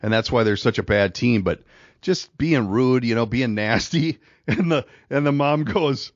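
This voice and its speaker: A man's voice: medium pitch, a little slow, no room sound, highs cut off. A middle-aged man co-hosting a podcast, telling a long rambling story in casual chat and laughing through it. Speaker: podcast co-host.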